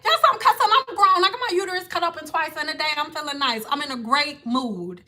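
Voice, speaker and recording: Woman going off on a rant, high bright voice, cussing a lot. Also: lively intonation, quick pace. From Detroit. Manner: blunt, ranting, swearing freely. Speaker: hair vlogger. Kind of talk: casual rant to camera.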